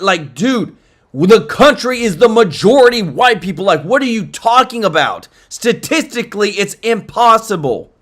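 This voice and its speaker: A man's voice: high-pitched, lively intonation, moderate pace, fairly bright tone. A young man hosting political reaction commentary, fired up and talking straight to his viewers.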